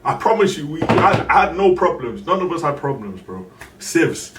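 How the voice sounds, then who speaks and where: A young man spins a story for his stream. His pitch leaps and dips as he acts out each person, and he breaks into sudden shouts. He sits back from the mic in an echoey room, with a faint hum behind him. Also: normal speed. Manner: animated storyteller who acts out other people's lines and bursts into shouts. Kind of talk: casual storytelling on a live stream. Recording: roomy echo, voice far from the mic, faint background noise.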